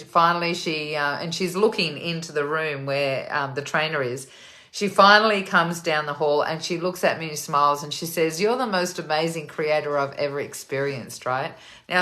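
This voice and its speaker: Low-pitched woman host, chatty storyteller, lots of ums. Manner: chatty, animated storytelling with many fillers. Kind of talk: casual storytelling talk.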